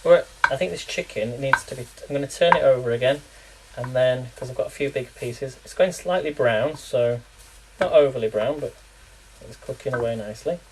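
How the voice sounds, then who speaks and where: A man's voice: medium pitch, fairly quick, a little mellow, husky, poor audio. Chatty man cooking live. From England. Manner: chatty, rambling, laughs often, quizzes viewers. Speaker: live-streaming home cook. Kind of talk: casual live cooking chat.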